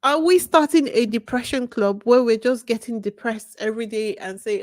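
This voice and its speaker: A woman's voice: fairly high pitch, animated, moderate pace, few pauses, a little mellow, dry recording. A woman hosting her own channel, talking passionately and emphatically, asking herself pointed questions. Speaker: YouTube channel host. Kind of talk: casual vlog monologue.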